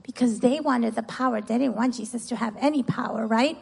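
A woman leads a children's lesson in church, retelling a Bible story with eager questions to her young listeners. Her voice is a little high and has a breathy, husky edge. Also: brisk, poor audio. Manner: animated, keeps asking "right?" and "guess what?". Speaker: children's ministry teacher.

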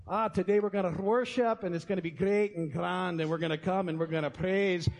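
A man's voice: high voice, fairly even intonation, brisk, gravelly. A pastor putting on a hammy mock-Scottish preacher man. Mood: hammy cheer. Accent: attempted Scottish. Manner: hammy, sing-song, keeps slipping out of the accent.

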